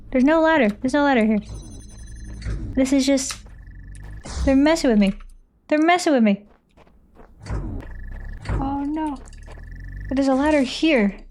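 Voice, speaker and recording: A woman's voice: high voice, darkish tone, slight background noise. A young woman streaming a puzzle game, thinking aloud in a rambling, jokey way and chatting with her viewers, sounding tired and foggy. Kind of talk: casual live-stream chat while gaming.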